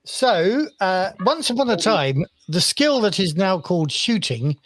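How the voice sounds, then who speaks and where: A man running a tabletop role-playing game as game master, relaxed and rambling with many fillers. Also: sits high, a little slow, no echo.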